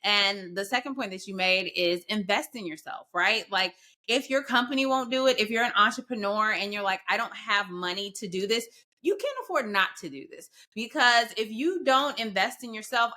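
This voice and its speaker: A woman's voice: medium pitch, moderate pace, sharp tone. A woman hosting a podcast interview, asking questions and sharing advice in an earnest, affirming way, with long run-on thoughts. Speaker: podcast host.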